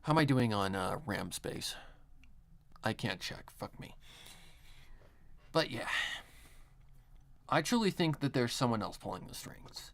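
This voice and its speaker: A man's voice: medium pitch, animated, unhurried, gravelly, pauses often. A man chatting casually on a live stream while he works, rambling with a lot of filler words and frequent swearing.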